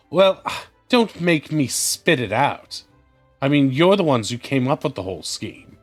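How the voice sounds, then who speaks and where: A man's voice: mid-range voice, big pitch swings, a little slow, voice pushed up. A haughty noble banker woman, indignant and sighing as she scolds, voiced by a man. She sounds exasperated and superior, and faint music plays under her. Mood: scolding.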